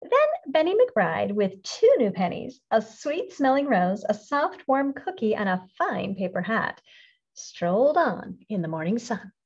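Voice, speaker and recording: A woman reading a children's picture book aloud in a singsong, expressive storytelling manner. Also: a little high, unhurried, slightly rough. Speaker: storybook reader. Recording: dull lo-fi recording.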